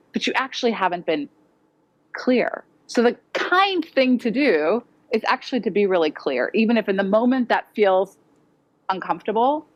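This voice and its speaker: At a conference hall with an audience, a woman educator gives parents a direct, practical presentation, acting out quoted voices. Her voice is medium-pitched and the audio sounds dull.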